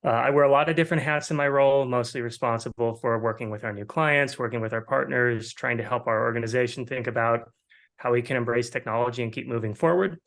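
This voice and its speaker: A man, an agency marketing executive, introducing himself on a video call panel in a measured, businesslike way. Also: mid-range voice, vocal fry, a bit bright.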